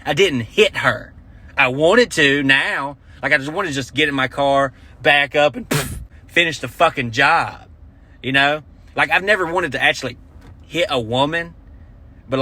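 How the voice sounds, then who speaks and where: Brightly ranting, profane man. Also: mid-range voice. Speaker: stand-up comedian. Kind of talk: comic storytelling rant.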